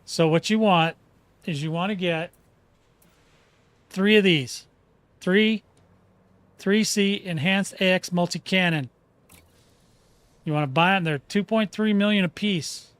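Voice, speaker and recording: This gaming channel host speaks in a high, fairly bright voice at a measured pace, leaving long pauses as he walks through a casual game tutorial. His manner is folksy and talkative, with restarted sentences and frequent "okay?" check-ins, and the sound is dry with no echo.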